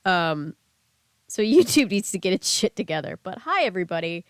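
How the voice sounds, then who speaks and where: Her voice lowish, sing-song, clear, and resonant, a young woman streamer chats with viewers at a normal speed in clean studio sound with no room echo. She sounds slightly sick, coughing lingeringly, yet laughs often and reads the chat aloud in a chatty way.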